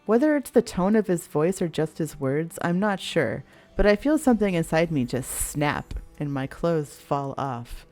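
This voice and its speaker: Young woman streamer, lowish voice, reads a dating game aloud with feeling, faint music under her. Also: normal speed. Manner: expressive, swears freely, laughs at the story. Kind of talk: reading a visual novel aloud with commentary.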